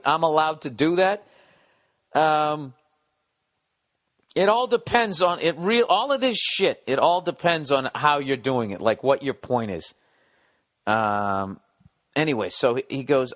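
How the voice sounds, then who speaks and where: A comedian hosting his podcast in a fairly high male voice, reading out a listener's letter. He keeps stopping to riff with rambling, profane, wry asides. The sound is close and dry. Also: unhurried, fairly bright tone, no echo.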